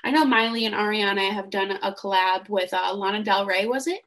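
A young woman co-hosting a casual fan podcast, animated and gushing, laughing often. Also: mid-range voice, a little fast. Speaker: podcast co-host.

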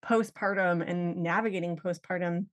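A woman's voice: on the low side, steady tone, normal speed. A woman hosting a podcast in casual chat, upbeat and slangy, a little out of breath. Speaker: podcast host.

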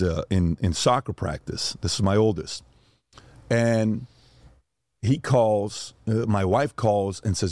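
A middle-aged man with a fairly low voice tells stories and fires off blunt rhetorical questions like a motivational speaker. His delivery is preachy and pointed. The sound is dry and close-miked. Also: darkish tone, no room sound. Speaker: guest. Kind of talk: animated storytelling and rapid questioning.

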